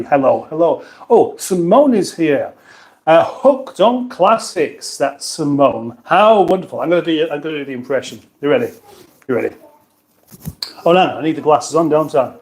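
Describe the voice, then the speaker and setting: A man's voice: a little high, darkish tone. A British man chats through his livestream in a slightly raised voice, reading out viewer comments as he goes. His talk rambles, full of restarts and side remarks. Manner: rambling, chatty, with many restarts and asides. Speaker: livestream host.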